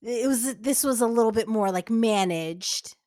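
Woman host, higher voice, lots of little wows and laughs, dry sound. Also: measured pace, dry recording. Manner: warm listener, short reactions and laughs. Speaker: podcast host. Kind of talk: casual interview chat.

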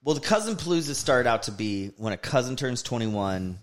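A man in a mid-pitched, ordinary voice reminisces about family gatherings. He laughs easily in a relaxed back-and-forth with his brother on a podcast. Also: brisk. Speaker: podcast guest, host's brother. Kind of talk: casual chat.

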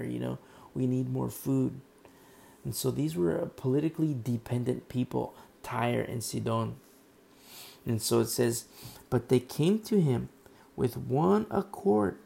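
A hoarse man with a worn-out throat preaching a casual, rambling sermon, full of fillers and asides. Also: medium pitch, dark tone. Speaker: pastor.

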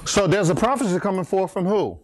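A man's voice: high-pitched, lively intonation, a little fast, a crowd in the background. A middle-aged man leading a Bible study in church, joking and teasing his listeners and laughing often. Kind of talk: playful Bible study teaching.

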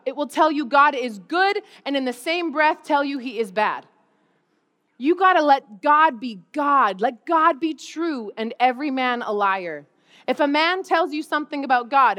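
A woman pastor preaching a conversational sermon, animated and often laughing as she acts out everyday moments. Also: high-pitched. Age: adult parent.

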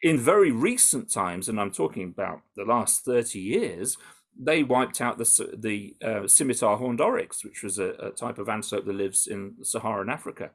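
A British man answering interview questions in an animated, conversational way, with frequent restarts and fillers. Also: lowish voice, moderate pace. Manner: animated, full of restarts and "you know". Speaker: campaigner interviewed about undercover research.

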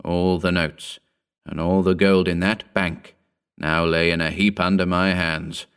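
A man narrating a Victorian short story in a measured, formal reading style. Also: low-pitched, little pitch movement, a bit bright, clear, resonant tone.

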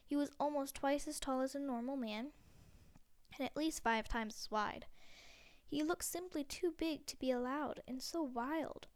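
Brief: woman reading a novel aloud, slightly high voice, steady and gentle, close dry mic. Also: measured pace, dry recording. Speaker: narrator.

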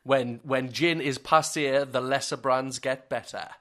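A man trades joking, teasing banter with his co-host. His pitch is ordinary and his tone casual and playful. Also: steady tone, unhurried, fairly bright tone. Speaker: podcast co-host. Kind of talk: casual chat.

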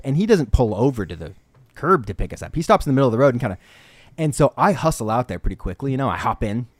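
A man co-hosting a casual podcast, telling a story in an animated way, laughing and restarting his sentences. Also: medium pitch, no room sound. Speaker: podcast co-host.

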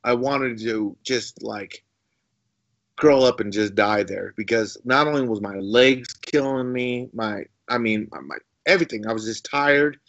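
A man's voice: medium pitch, a little slow, fairly bright tone. A man as a podcast guest telling a long story casually, rambling, repeating words and chuckling often. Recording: dull lo-fi sound.

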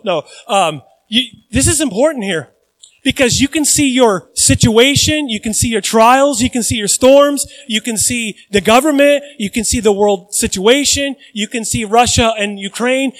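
High-voiced animated male preacher. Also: rough recording. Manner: animated, conversational preaching with jokes and audience questions. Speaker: pastor. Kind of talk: sermon.

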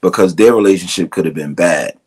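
A middle-aged man from Brooklyn with a very low, husky voice and a Brooklyn accent. He tells stories in a relaxed, casual way, acting out other people's lines as he goes. His laugh comes easily. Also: fairly quick. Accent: Brooklyn New York. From Brooklyn, New York. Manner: relaxed storyteller, acts out quotes, laughs often. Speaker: guest drummer. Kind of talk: casual storytelling interview.

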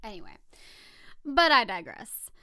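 A woman's voice: fairly high pitch, huge pitch swings, unhurried, sharp tone. A woman with a Californian accent co-hosting a podcast, chatting casually and wandering off topic with frequent laughs. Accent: Californian English. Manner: chatty and digressive, laughs often. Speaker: podcast co-host. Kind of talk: casual chat.

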